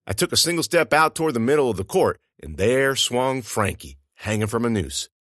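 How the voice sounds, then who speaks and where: A man narrating a first-person audiobook in an expressive, suspenseful way. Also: medium pitch, a little fast, no echo, clean studio sound.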